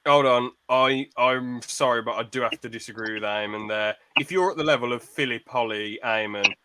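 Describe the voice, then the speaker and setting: A man's voice: mid-range voice, moderate pace, pushed and bright, a little hiss or hum. Blunt, ranting young British man. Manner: blunt, ranting, swears freely. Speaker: podcast host. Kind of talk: casual chat.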